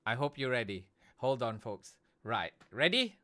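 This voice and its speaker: A man's voice: mid-range voice, very animated, a little slow, pushed and bright. A man from Britain hosting a casual live stream, chatty and tagging "okay?" onto nearly every phrase. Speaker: livestream host and esports commentator.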